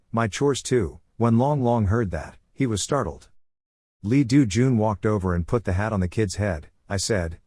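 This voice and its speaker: A man narrating a manhwa recap, reading every line in the same flat voice. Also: lowish voice, no room sound, studio quality.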